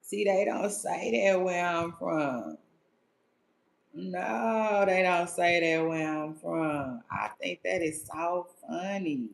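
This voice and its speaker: A woman's voice: lowish voice, takes it slowly, vocal fry, reverberant. A woman chatting casually with viewers as a podcast host, laid-back and laughing, with slangy talk.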